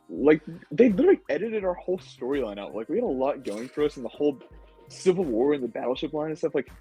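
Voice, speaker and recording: A young man with a husky, breathy voice, chatting as a podcast guest. He tells his story with lively energy, leans on "like" and "dude", and jumps into high-pitched voices to act out what others said. Faint music plays behind him. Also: poor audio. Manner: animated storytelling, acts out quotes in high voices; says "like" and "dude" a lot. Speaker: podcast guest, former contestant. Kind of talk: casual podcast interview.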